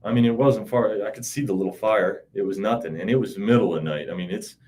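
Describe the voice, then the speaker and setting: A man's voice: fairly low pitch, fast talker, darkish tone, a little hiss or hum. A man in his thirties in an interview, recounting events in a rambling, profane, casual way with frequent "you know". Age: 30s. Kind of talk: casual spoken recollection.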